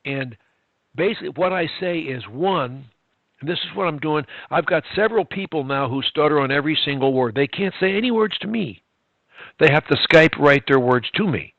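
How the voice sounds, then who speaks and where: A man's voice: on the high side, animated, moderate pace, gravelly, no room sound. A man coaching a client one-on-one over a video call, emphatic and instructive, repeating his key phrases. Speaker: stuttering coach. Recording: tinny online call, dry.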